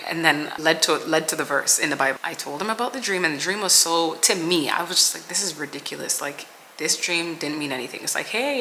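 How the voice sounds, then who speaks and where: A woman's voice: low voice, sharp tone, a little hiss or hum, poor audio. A young woman vlogger sharing a personal testimony in an earnest, rambling way, full of "like" and "you know.". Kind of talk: personal testimony, casual storytelling.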